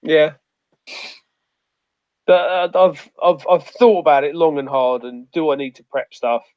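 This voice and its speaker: A man's voice: on the high side, unhurried, no room sound. A man with a rambling, sweary storytelling manner in a casual outdoors chat. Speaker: outdoors guest. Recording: muffled dry audio.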